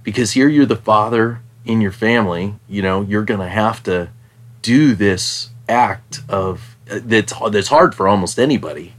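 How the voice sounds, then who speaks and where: A man with a lowish voice, talking quietly and thoughtfully. He hesitates often and fills the gaps with ums as he recalls a story. The tone is relaxed, casual conversation. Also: normal speed. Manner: reflective, softer and hesitant with many ums. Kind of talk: casual chat.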